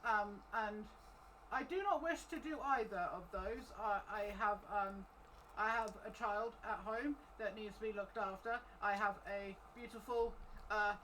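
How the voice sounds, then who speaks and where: A woman voicing an earnest, apologetic cleric who pleads with a temple crowd in a halting, hesitant way. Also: medium pitch, fairly bright tone, far from the mic, a little hiss or hum, natural voice, rough recording. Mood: pleading.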